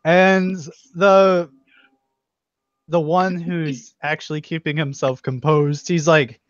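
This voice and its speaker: Young male game master, slightly high voice, giggly narration, dry lo-fi mic. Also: little pitch movement, dry recording. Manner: laughing, quoting characters in quick snatches. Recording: dull, dry lo-fi recording.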